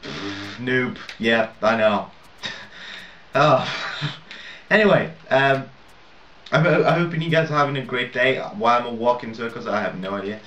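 A man's voice: medium pitch, expressive, measured pace, pauses often, a bit bright. A young man rambling and swearing through casual gameplay commentary, laughing at his own mistakes. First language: not English. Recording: lo-fi roomy home mic at a distance.

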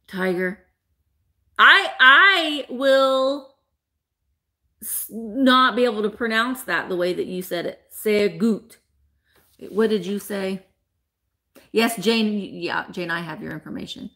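Chatty, lively woman hosting a live sale. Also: medium pitch, slow pace, creaky, long pauses. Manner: chatty, playful, laughs often, talks to viewers by name. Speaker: live-sale host selling vintage items. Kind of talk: casual live-stream auction chat.

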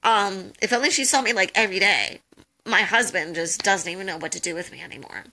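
A woman's voice: mid-range voice, brisk, sharp tone. A young woman giving casual advice on a live call, chatty and jokey, full of "um" and "like". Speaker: host of a social media tips call.

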